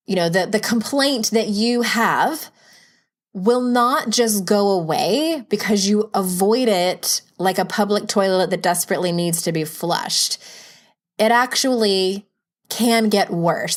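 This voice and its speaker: A woman hosting a solo self-help podcast, talking frankly and playfully, coaching listeners with humorous asides. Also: mid-range voice. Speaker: podcast host.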